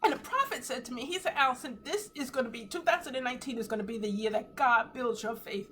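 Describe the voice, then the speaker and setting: A woman in her fifties giving an earnest, emotional testimony on a live stream from home, teary at times, with animated swings in pitch. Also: quick pace, slight background noise. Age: 50s. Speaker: host of a faith livestream. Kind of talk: casual live talk, testimony.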